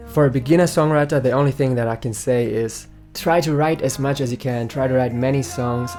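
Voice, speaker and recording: A young man talks to his viewers in a chatty, joking way, reading out their comments and answering each one. His voice sits at an average pitch for a man, and soft guitar music plays quietly underneath. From Germany. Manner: chatty, upbeat, jokey, reads out comments. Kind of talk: casual Q&A vlog. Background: faint guitar music.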